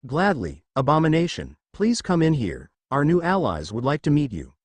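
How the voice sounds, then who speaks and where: Brief: calm scheming villain boss, read by a man, dry close sound. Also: on the high side, normal speed, slightly rough, no echo, heavily acted. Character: smooth scheming male villain leader.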